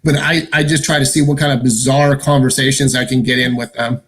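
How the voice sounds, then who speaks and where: A man chatting as a guest, telling stories in a lively, rambling way. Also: medium pitch, brisk. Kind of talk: casual chat.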